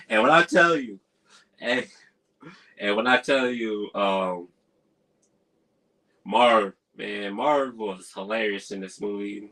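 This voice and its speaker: Male streamer, slow and laid-back, lower voice with a bright edge, slangy, chuckling film recap. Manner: slangy, chuckles often while recounting scenes. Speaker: movie reviewer, live stream host. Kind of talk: casual movie recap.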